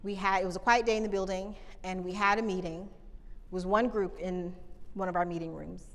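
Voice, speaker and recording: A woman communication coach telling lively stories from a stage, talking to the audience and asking them questions. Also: mid-range voice. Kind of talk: live keynote storytelling. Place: stage before a live audience. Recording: reverberant hall, live talk.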